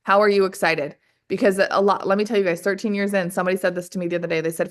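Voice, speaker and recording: Energetic woman sales trainer, mid-range voice, fires off rhetorical questions and keeps addressing the team directly. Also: mid-range voice, very fast, hardly any pauses. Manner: energetic, keeps calling the audience "you guys". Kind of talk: motivational training call.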